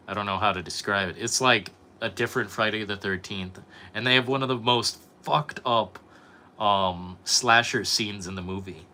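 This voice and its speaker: A man's voice: medium pitch, sharp tone. A young man streaming, chatting casually with his viewers, rambling and swearing a lot. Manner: profane, rambling, reacting to chat. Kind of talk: casual live-stream chat.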